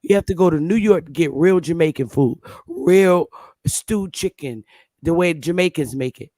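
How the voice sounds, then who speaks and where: A woman's voice: lowish voice, normal speed, dark tone, no echo. Blunt, emphatic woman in dry close sound. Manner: blunt, emphatic, repeats herself. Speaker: show host. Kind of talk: casual opinionated chat.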